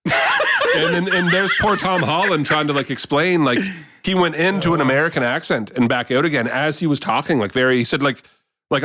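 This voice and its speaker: Animated, storytelling male podcast co-host. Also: fairly high pitch, moderate pace, no room sound, studio quality. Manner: animated storyteller, laughs often. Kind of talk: casual chat.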